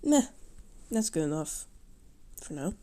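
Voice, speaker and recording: A woman's voice: fairly low pitch, expressive, moderate pace, mellow. A woman livestreaming as she draws, talking casually to herself and swearing now and then. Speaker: livestreaming artist. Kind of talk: casual livestream chat while drawing.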